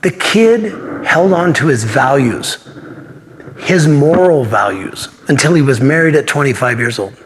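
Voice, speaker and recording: A man's voice: mid-range voice, slight background noise. Earnest man in his fifties telling stories. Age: 50s. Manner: earnest, anecdotal, acts out dialogue. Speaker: guest, martial arts instructor. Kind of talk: interview storytelling.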